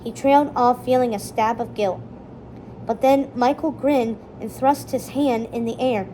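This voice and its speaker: A woman reads a children's chapter book aloud in a steady, expressive way. Her voice is warm and mellow, and it sits fairly high. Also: a little slow, slight background noise, poor audio. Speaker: storybook reader.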